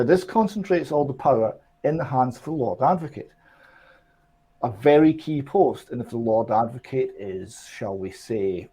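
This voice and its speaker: A man's voice: medium pitch, warm tone, husky. A man on an online discussion show, explaining and building his argument step by step with emphasis. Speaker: political commentator.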